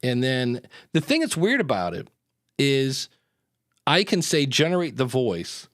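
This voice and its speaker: A man's voice: mid-range voice, very animated, measured pace, fairly bright tone, no echo. Brief: easygoing male podcast host, chatty and meandering, dry close recording. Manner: rambling, tangent-prone, many fillers. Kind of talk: casual live-show chat.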